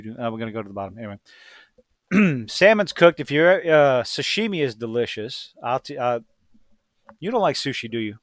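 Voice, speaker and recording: A man's voice: fairly high pitch, sing-song, fairly quick, no echo, studio quality. Profane, rambling Cajun-accented man. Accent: Louisiana Cajun. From Louisiana. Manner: profane, rambling, goes off on tangents. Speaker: podcast host. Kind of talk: casual chat.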